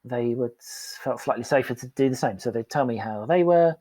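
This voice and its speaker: A male performance coach guests on a podcast and talks openly, with humour at his own expense, about the work he used to do. His mid-range voice has a warm tone and moves a little fast, with no room sound in the recording.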